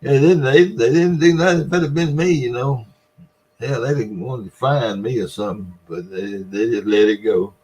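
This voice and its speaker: A man's voice: mid-range voice, normal speed, a little mellow, rough recording. A man telling a folksy story in casual talk, laughing often as he spins his yarn. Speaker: storyteller, former store owner.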